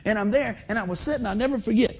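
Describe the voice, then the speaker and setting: A middle-aged man, preaching a folksy, animated sermon in a church and asking the congregation questions. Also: high-pitched, racing, a little hiss or hum. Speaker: pastor. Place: church sanctuary.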